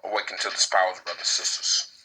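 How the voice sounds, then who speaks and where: Husky, forceful male preacher. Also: low-pitched, little pitch movement, fast talker, poor audio. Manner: repetitive, incantatory phrasing with crude slang. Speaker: spiritual preacher. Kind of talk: impassioned spiritual preaching.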